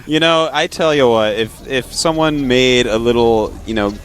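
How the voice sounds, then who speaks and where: A man's voice: mid-range voice, normal speed, a little hiss or hum. A man casting a live video game match, bantering playfully with his co-host. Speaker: esports caster.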